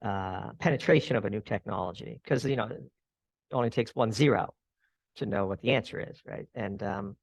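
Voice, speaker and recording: A man's voice: on the low side, normal speed, creaky, no room sound. A man as a podcast guest, giving long analytical answers in an interview. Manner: analytical, explains at length. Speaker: guest commentator.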